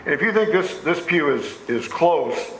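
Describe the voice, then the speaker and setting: Man, pastor, sermon, folksy storyteller, slightly high voice, echoey church room. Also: lively intonation, moderate pace, a bit bright, slight background noise. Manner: folksy storytelling with rising emphasis on scripture. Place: church sanctuary.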